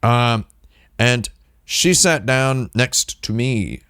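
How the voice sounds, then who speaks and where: A man's voice: mid-range voice, expressive, very slow, a bit bright, clear, resonant tone, no echo, studio quality. A man hosting a livestream, telling a long, digressive anecdote with wry asides. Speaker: livestream host. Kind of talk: casual storytelling on a livestream.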